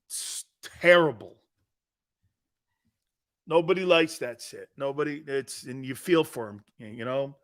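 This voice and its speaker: A man's voice: mid-range voice, measured pace, long pauses, a bit bright. A man hosting a sports talk show, brash and joking in casual banter. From Italian-American.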